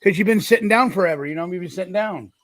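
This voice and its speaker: A man's voice: sits high, racing, no echo. A man joking with the group on a talk show, stammering as he goes.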